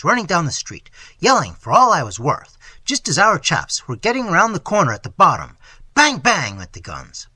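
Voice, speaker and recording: A man voicing a wounded young British soldier who talks in plain, rough, common speech, telling his story in a vivid rush. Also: a little high, sharp tone, dry recording, exaggerated voice.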